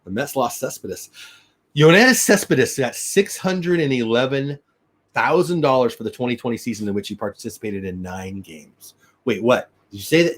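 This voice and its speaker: A man's voice: mid-range voice, expressive, moderate pace. A middle-aged man hosting a daily live news show, rambling upbeat chat and thanking viewers by name. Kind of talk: casual live-stream chat.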